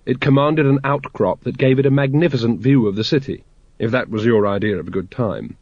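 A man narrating a novel in a dry, measured storytelling manner, on a dry, slightly dull recording. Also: medium pitch, a little mellow, no room sound. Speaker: audiobook narrator. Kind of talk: scripted narration.

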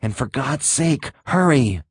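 A man's voice: medium pitch, expressive, slow pace, slightly rough, no room sound, studio quality, voice pushed up, full character voice. A man doing a tense, urgent armed man. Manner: urgent, snapping, commanding.

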